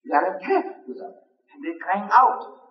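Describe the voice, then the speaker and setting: A man's voice: sits high, very animated, normal speed. A man giving an emphatic, repetitive religious lecture to an audience in a large hall. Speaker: Islamic lecturer. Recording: dull, echoey hall recording from far off.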